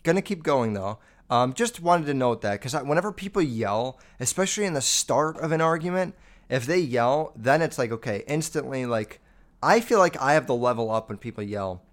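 A man's voice: mid-range voice, lively intonation, moderate pace. Male podcast host, blunt and profane, rambling casual rant. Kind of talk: casual ranting commentary.

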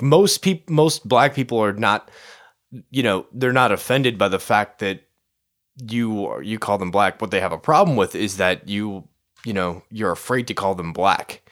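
A young man talks casually in a somewhat low voice. He stops and restarts often and works his way to each point. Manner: halting, many restarts, swearing. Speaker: podcast co-host. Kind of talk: casual chat.

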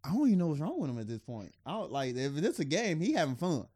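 Man, casual podcast co-host, lively pitch, swears a lot, laughs often, dry sound. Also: fast talker, breathy edge, no echo. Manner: loose and profane, laughs often, drifts between loud and mumbled. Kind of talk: casual chat.

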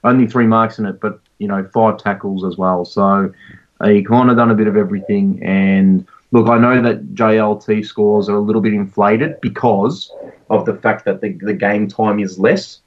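A man co-hosting a podcast in casual chat, relaxed with lots of ums and restarts. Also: lowish voice, normal speed. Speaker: podcast co-host. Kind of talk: casual fantasy sports chat. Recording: distant, dull-sounding mic.

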